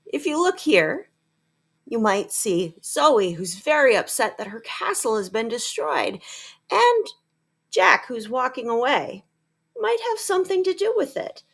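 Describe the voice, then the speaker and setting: A woman reading a children's picture book aloud, animated and coaxing, turning to the listener with questions. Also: high voice, measured pace, vocal fry.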